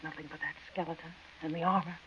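An actress playing a frightened young woman camping by a desert well, speaking in hushed, uneasy tones in an old radio drama. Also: low-pitched, level tone, fast talker, highs cut off, slight background noise. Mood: hushed fear. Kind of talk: 1940s radio acting.

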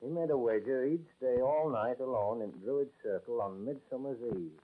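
An actor doing a Yorkshire accent as a gruff, friendly army corporal in a 1940s radio drama, folksy and ominous. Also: male voice, medium pitch, normal speed, lightly acted. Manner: folksy, ominous storytelling with "aye" and "lad". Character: gruff, friendly Yorkshire lance corporal, older drill master. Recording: tinny old radio broadcast recording.

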